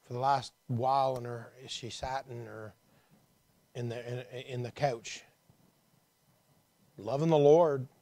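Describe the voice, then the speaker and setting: A man preaching a conversational sermon to his church, dropping low and quiet, then rising to emphatic calls. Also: fairly even intonation, takes it slowly, long pauses. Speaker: pastor.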